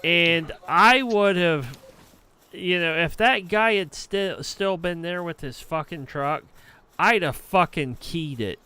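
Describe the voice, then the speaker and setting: A young man with a slightly high, bright voice that comes across smooth and crisp. He tells a heated, profanity-laced story in a casual streamer's ramble and takes his time over it. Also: slow.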